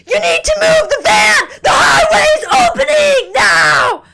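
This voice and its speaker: Rude, angry male cop barking orders in a shrill shout, put on by a woman storyteller. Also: huge pitch swings, slow pace, vocal fry, over a noisy crowd, very noisy, exaggerated voice. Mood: furious. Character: rude aggressive male police officer.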